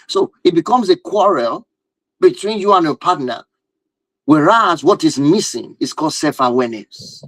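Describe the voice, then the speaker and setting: A man's voice: on the high side, lively intonation, moderate pace, fairly bright tone, no echo, poor audio. A man giving a live-stream talk on relationships and marriage, emphatic and driving his points home with repeated rhetorical questions.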